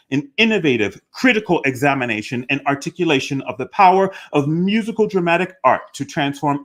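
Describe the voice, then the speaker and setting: Effusive male host, slightly high voice, grand introductions. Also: a bit bright. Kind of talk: live online talk show hosting.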